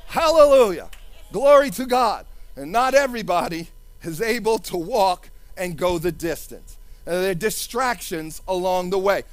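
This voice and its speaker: Fervent high-voiced male preacher. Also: normal speed, no echo. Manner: fervent, sing-song preaching with repeated hallelujahs. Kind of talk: sermon.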